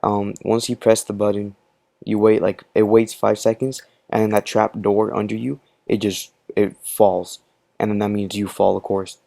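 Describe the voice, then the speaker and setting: A man with a low, gravelly voice tells a story in loose, rambling commentary, full of fillers. His delivery stays fairly flat, and the sound is dry and close. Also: moderate pace, dry recording. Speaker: channel host.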